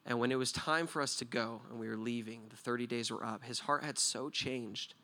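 A man preaching a sermon, swinging between loud emphatic points and hushed storytelling and often checking in with his listeners with a quick "right?". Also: medium pitch. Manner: talks to the listeners directly with frequent "right?".

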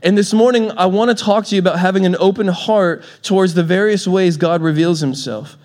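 A man's voice: high voice, brisk, a little mellow. A man preaching a sermon in a church, telling stories with a playful manner and laughing often. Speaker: pastor.

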